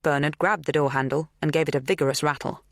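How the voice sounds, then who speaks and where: A woman reads a suspense audiobook from a script in a measured, even way. Her voice sits low, and the clean studio sound has no echo.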